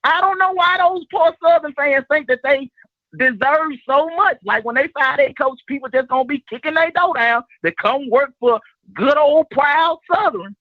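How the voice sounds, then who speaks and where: Man, caller, boastful trash talk, fairly high voice, dull lo-fi line. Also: normal speed, dry recording. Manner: boastful, trash-talking, drawling. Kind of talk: phone-in fan banter. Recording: dull phone-call audio.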